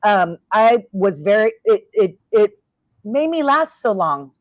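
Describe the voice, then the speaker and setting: A woman's voice: medium pitch, slow pace, no room sound. A middle-aged woman, a former wrestler, chatting in an interview and acting out the voices of people in her stories. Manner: talkative, expressive storyteller acting out quotes. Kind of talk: casual interview chat.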